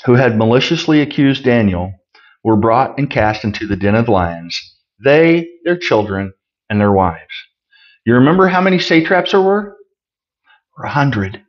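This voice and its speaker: Conversational male Bible teacher, muffled sound. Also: mid-range voice. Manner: conversational, reads scripture then explains it plainly. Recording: muffled lo-fi recording.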